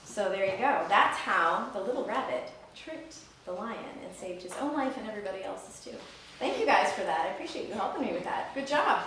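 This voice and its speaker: A woman leading a church service who tells a children's story, asks the children lively questions, and then announces the offering. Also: medium pitch, a little fast. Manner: animated, coaxing questions to children. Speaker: worship leader telling a children's story. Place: church sanctuary. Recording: echoey sanctuary from far off.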